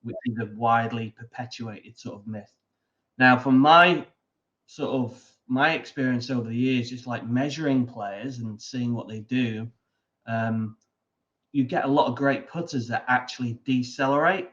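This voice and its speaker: Male putting coach, mid-pitched, thoughtful explainer with frequent "um"s and restarts; slightly dull, muffled audio. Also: a bit bright. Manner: measured and explanatory, with many "um"s and restarts. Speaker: putting coach, interview guest. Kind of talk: explanatory interview answer.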